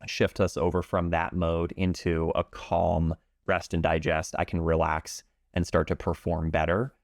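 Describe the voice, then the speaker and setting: A man working as a pool instructor, explaining calmly and in measured terms during an interview. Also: sits low, no room sound, clean studio sound. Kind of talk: interview talk.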